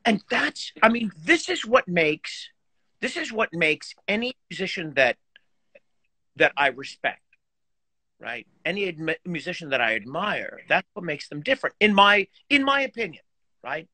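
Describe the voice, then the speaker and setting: A middle-aged man tells stories over a video call, his high voice leaping all over and slightly husky. He is animated and self-deprecating, laughing often, and the sound is dry and close. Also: moderate pace, dry recording. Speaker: guest musician and teacher. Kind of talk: casual chat, storytelling.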